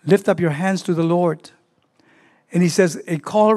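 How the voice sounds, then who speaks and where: Pastor, middle-aged man, high-pitched and unhurried, emotional, halting sermon delivery. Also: darkish tone. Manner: slow, emotional preaching with halting restarts. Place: church sanctuary.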